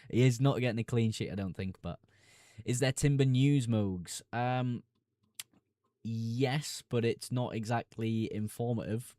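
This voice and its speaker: A man's voice: medium pitch, dark tone, no room sound, clean studio sound. A man with a Sunderland accent hosting a live fantasy football stream. He reads viewers' questions aloud and answers them in a casual, chummy way. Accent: Sunderland (Mackem). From Sunderland, North East England.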